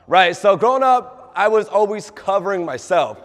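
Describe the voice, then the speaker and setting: A man's voice: sits high, lively intonation, normal speed, few pauses. A young man speaks to a room as a fitness trainer, chatting through his own story and turning to quiz his listeners. He acts out quoted dialogue in a slightly raised, upbeat voice. His talk rings with the long reverb of a hall. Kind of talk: motivational talk to a live group.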